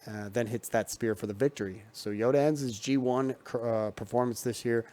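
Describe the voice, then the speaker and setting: A man's voice: mid-range voice, steady tone, brisk, darkish tone. A man giving a casual, loose recap of wrestling matches, full of ums and restarts, recorded at home. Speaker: wrestling show reviewer.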